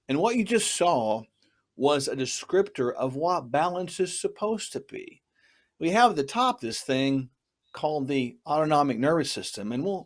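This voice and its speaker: Earnest man teaching on a talk show. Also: on the high side. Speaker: co-host.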